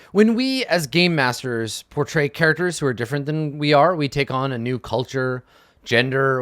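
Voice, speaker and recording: Lively-voiced man giving thoughtful advice. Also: fairly high pitch, dry recording, clean studio sound. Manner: thoughtful, explains step by step, often checks in with "right?". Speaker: game master giving advice. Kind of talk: casual advice talk to camera.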